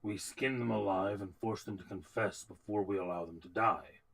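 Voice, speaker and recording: Cold, mock-courteous male official, voiced by a man; low and dry. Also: fairly even intonation, moderate pace, vocal fry, fairly bright tone, rough recording. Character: cold, polite male official who has prisoners skinned.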